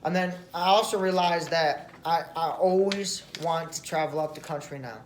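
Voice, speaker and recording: An American man telling a casual travel story to camera. He rambles, repeats phrases and often ends sentences with a quick "right?". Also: on the high side, echoey room, a little hiss or hum. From United States. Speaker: vlogger.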